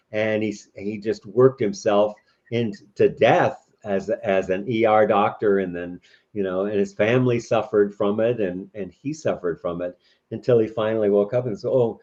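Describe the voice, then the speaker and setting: A man's voice: on the low side, darkish tone. A man talking in an interview, explaining ideas thoughtfully with frequent restarts. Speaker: guest. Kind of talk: reflective interview talk. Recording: dull lo-fi audio.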